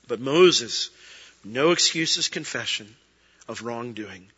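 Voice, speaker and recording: A man's voice: a little high, normal speed, pushed and bright. A middle-aged man, a pastor preaching a sermon in a conversational way, acting out quoted prayers and excuses. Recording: dull sound with long reverb.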